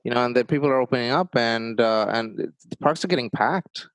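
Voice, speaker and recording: A man's voice: medium pitch, a little fast, no room sound, rough recording. Chatty man interviewer, dry sound. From Bangladesh. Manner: chatty, rambling, frequent restarts. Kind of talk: casual conversational interview.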